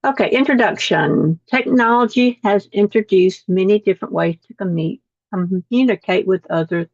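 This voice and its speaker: A woman's voice: medium pitch, moderate pace, darkish tone, no room sound. A woman teaching a class over a video call, reading lesson text aloud and often repeating words after slips. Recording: dull, dry video call audio.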